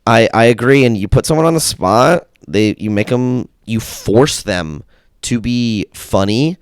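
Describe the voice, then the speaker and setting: A man co-hosting a casual podcast, hoarse from a cold, with a raspy deep voice and a teasing, laid-back manner. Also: lively intonation, unhurried, no room sound. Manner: teasing, laid-back, says "dude" and "dog". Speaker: podcast co-host. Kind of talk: casual chat.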